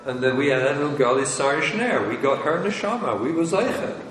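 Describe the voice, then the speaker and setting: A man's voice: fairly high pitch, lively intonation, a little fast. A man, a rabbi, lecturing parents in an emphatic, wry, teasing way. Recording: echoey hall with faint noise.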